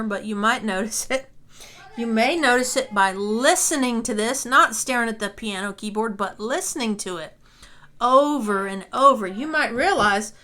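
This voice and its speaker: High-voiced, slow, patient woman music teacher. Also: pushed and bright. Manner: patient, reassuring, checks in with "okay?". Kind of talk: instrument lesson, talking and singing along.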